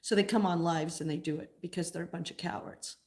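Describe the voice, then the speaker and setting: A woman's voice: fairly low pitch, fairly even intonation, quick pace, darkish tone. A woman hosting a casual live stream, chatting and answering viewer comments as she goes.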